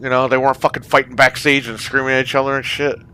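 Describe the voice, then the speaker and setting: A man's voice: medium pitch, little pitch movement, quick pace, sharp tone, clean tone. A man hosting a casual online gaming chat, ranting with heavy profanity. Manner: profane, ranting about wrestling. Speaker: podcast host.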